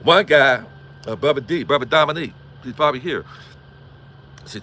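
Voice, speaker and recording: A man's voice: mid-range voice, fairly quick, long pauses, pushed and bright, slight background noise. Preachy, profane man on a livestream. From Gary, Indiana. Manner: preachy, repetitive rhetorical questions, profane. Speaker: livestream host. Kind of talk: impassioned livestream monologue.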